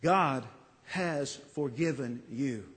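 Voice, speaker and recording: Slow-preaching pastor in an echoing church. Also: male voice, medium pitch. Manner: slow, emphatic preaching with dramatic pauses and soft trailing endings. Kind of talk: sermon.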